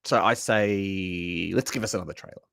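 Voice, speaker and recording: A low, gravelly yet clean-toned voice comes through at a moderate pace, studio quality with no echo. The speaker, an Australian man, hosts a casual live stream where he reacts to trailers, talks to chat, and makes lively asides.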